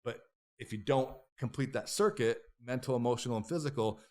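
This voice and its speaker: Guy on a podcast telling wild stories, swears a lot, acts out the voices, middle pitch. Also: brisk. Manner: animated, profane, acts out quoted voices. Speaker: podcast guest. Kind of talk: casual interview storytelling.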